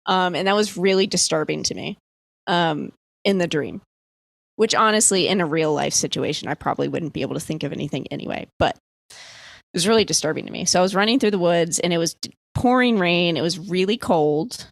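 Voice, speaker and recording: Young woman, casual storytelling, lots of fillers, cursing, lowish voice, dead dry room. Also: fairly quick, gravelly, no room sound. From US East Coast. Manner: rambling, filler-heavy, swears freely. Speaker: podcast guest.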